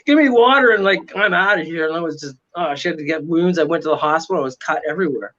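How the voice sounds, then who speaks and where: A man telling a dramatic story in an animated way during a casual interview, often asking "right?". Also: on the high side, fast talker, dull audio. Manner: excitable, dramatic retelling with frequent "right?". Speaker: paranormal investigator guest.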